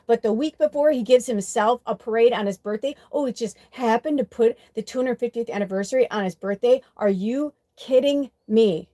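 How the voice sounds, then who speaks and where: A woman's voice: a little high, normal speed, few pauses. A woman hosting a spiritual live stream, chatting casually and animatedly with lots of fillers and curse words, sometimes mimicking other people's voices. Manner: animated and profane, many fillers, quotes voices in mock tones. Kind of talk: casual live stream chat with tarot reading.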